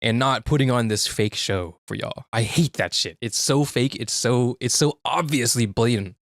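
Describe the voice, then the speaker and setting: A man's voice: medium pitch, moderate pace, dry recording, studio quality. A young man streaming in casual chat, frank and profane, often restarting his sentences.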